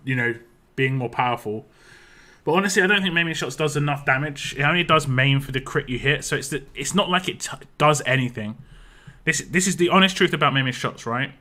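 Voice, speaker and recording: A British man streaming a game and chatting with viewers. His voice is bright and forward, and he rambles easily, full of "like" and "you know". He often restarts mid-sentence. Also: mid-range voice. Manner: rambling, answers chat questions, frequent fillers and restarts. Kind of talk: casual live-stream commentary.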